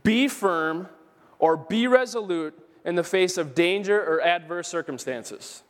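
A man's voice: high voice, measured pace. A man pastor preaching an earnest, emphatic sermon in a church, repeating key phrases for emphasis. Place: church sanctuary. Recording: long hall reverb.

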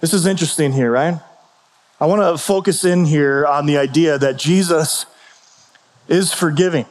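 High-voiced preaching man in a reverberant hall. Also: normal speed. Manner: conversational preaching with rhetorical questions and restarts. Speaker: pastor. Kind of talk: sermon.

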